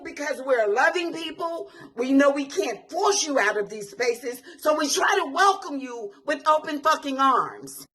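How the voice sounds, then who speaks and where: A woman's voice: sits high, sharp tone. A woman ranting angrily to camera, emotional and swearing hard. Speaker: commentator. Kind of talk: angry vlog rant.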